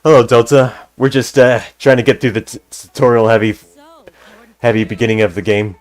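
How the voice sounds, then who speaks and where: A man's voice: mid-range voice, fairly even intonation, brisk. A man livestreaming a video game, chatting casually in a rambling, easygoing way with frequent restarts. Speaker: gaming streamer. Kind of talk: casual livestream chat reading.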